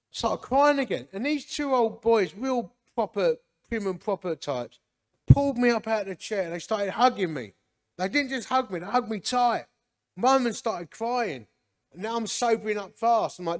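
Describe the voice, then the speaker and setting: A man, giving a lively, jokey personal testimony to a men's gathering and acting out the people in it. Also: sits high, moderate pace. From Hornchurch, England. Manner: lively, jokey, acts out quotes.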